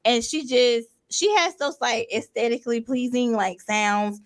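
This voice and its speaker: Brief: woman co-host, higher voice, easygoing and chatty with casual slang. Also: unhurried. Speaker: podcast co-host. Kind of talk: casual chat.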